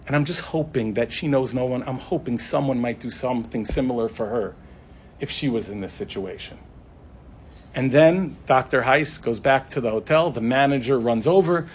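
A man's voice: medium pitch, normal speed, slight background noise. A man, a rabbi, giving a sermon full of stories, acting out the quoted voices. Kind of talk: sermon with storytelling.

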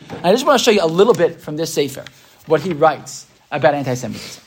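Guy giving a torah class, higher voice, keeps asking "right?" to the room. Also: expressive, slightly rough. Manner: reads Hebrew texts slowly then explains; frequent "right?" checks with class. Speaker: Torah teacher. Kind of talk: text-based class lecture.

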